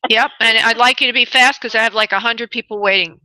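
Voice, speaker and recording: A woman's voice: on the high side, fairly even intonation, quick pace, pushed and bright, no room sound, low-quality recording. A woman hosting a call-in radio show as a spirit medium, chatty and affectionate, laughing often.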